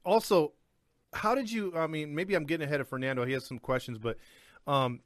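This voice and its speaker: A man's voice: fairly high pitch, a little fast, no echo, clean studio sound. A man hosting a casual interview over a video call, chatty and friendly. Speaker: host.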